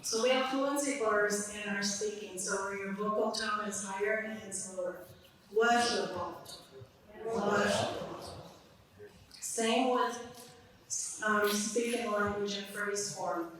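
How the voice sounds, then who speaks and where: A woman language teacher giving a live talk and answering audience questions in a relaxed teaching tone, laughing often. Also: mid-range voice, unhurried, slight background noise. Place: large hall. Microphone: distant room mic. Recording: echoey hall from far off.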